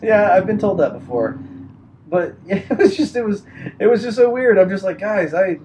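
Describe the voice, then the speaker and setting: A man's voice: sits high, very animated, normal speed, warm tone, slight background noise. A young adult man chatting casually and telling a rambling story, full of restarts and fillers.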